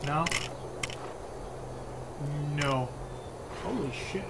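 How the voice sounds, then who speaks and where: A man in his thirties giving excitable, playful gameplay commentary and swearing freely. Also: on the high side, very slow, vocal fry, very noisy. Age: 30s. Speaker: let's play host. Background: loud game music.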